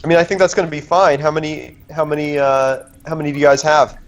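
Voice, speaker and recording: A man's voice: on the high side, flat delivery, quick pace, lo-fi sound, slight background noise. A man playing a tabletop game, bargaining hesitantly with many fillers. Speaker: player.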